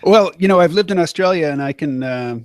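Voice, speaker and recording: An American man in casual conversation, explaining things in a measured way with hesitant fillers. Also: a little high, no echo, clean studio sound. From United States. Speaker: conversation partner. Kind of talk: casual chat.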